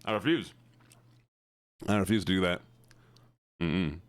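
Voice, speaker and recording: A man's voice: sits low, a little slow, no room sound. Playful mumbling male streamer. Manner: playful, mumbly asides to chat. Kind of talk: casual live-stream chat.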